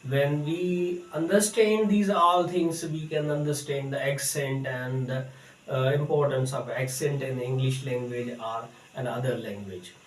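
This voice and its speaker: A man teaching an English lesson to students, speaking haltingly with many fillers. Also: medium pitch, steady tone, slight background noise. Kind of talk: recorded English lecture. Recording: echoey room, distant mic.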